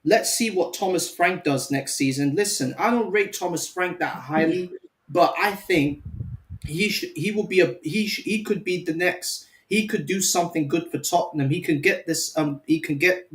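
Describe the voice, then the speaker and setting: A man with a fairly high voice joins a fan stream and winds the others up with a contrarian, teasing rant. He talks casually and keeps pushing his point. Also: moderate pace, a bit bright, low-quality recording. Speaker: guest fan. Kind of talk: casual chat.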